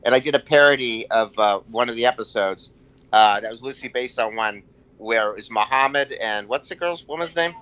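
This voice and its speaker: A man guesting on a comedy podcast, rambling and halting in casual chat, with frequent restarts and self-mocking asides. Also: mid-range voice, fairly bright tone, clean tone, lo-fi sound.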